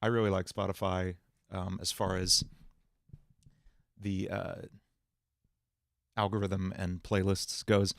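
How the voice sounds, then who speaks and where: A man's voice: low-pitched, little pitch movement, slow pace, vocal fry, long pauses, dry recording, studio quality. A man chatting casually on a livestream as a streamer and musician, in a rambling, jokey way with frequent restarts.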